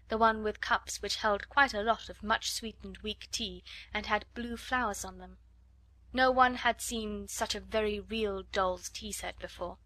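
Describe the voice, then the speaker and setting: A woman reads a classic storybook aloud in a measured, expressive way. Her voice sits at an average pitch. The sound is close and dry. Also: no echo. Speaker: narrator. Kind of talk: storybook narration.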